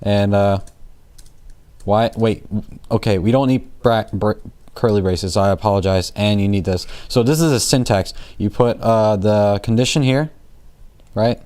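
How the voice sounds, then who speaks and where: A programming tutor with a fairly low, slightly mellow, smooth voice speaks at a measured pace in a casual screen-recorded coding lesson. He rambles with fillers, jokes and self-corrections while keyboard typing sounds behind him.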